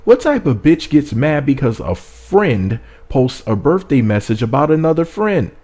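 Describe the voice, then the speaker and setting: A man putting on a furious, sharp-tongued woman calling out a rival, in a mocking, exaggerated dramatic reading. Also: medium pitch, lively intonation, unhurried.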